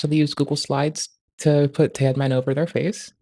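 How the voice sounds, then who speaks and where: A livestreamer in casual commentary, swearing constantly, joking crudely, and rising loud and high when ranting. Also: little pitch movement, normal speed, dry recording, clean studio sound. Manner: profane, ranting, crude jokes.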